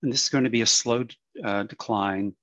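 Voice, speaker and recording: A man presenting on plant diseases in a webinar, explaining in a halting way with many fillers and some throat clearing. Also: fairly low pitch, fairly even intonation, fairly bright tone, dry recording, dull audio.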